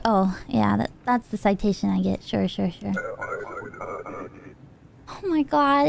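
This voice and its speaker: A woman streaming a video game live, excitable, gasping and squealing. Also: medium pitch, unhurried, vocal fry, long pauses.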